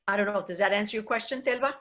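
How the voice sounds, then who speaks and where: A woman's voice: mid-range voice, very fast, a bit bright. Woman coaching diction on a call. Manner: switches between English and Spanish, emphatic. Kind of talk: online workshop Q&A answer. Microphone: video call.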